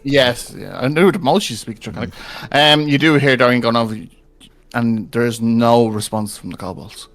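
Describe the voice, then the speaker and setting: A man's voice: mid-range voice, moderate pace, a bit bright. A man running a tabletop game as game master, narrating loosely with lots of filler words and laughter.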